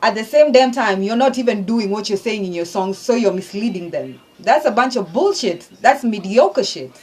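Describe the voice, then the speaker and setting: A woman's voice: medium pitch, animated, normal speed, a little mellow. A woman hosting a reaction video who breaks down rap lyrics line by line in casual, profane, emphatic chat.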